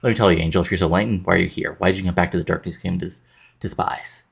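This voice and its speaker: A man voicing a possessive cult-leader wrestler with a low, rough, husky voice. He reads each threat flatly, like a line from a script, as the story scenes in a wrestling game are recapped. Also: very fast, exaggerated voice. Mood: menacing.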